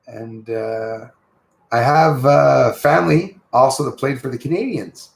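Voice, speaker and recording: A man's voice: mid-range voice, measured pace, gravelly, echoey room. A man from Quebec with a Quebec French accent, hosting a casual livestream, greeting viewers and rambling in a friendly way. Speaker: livestream host.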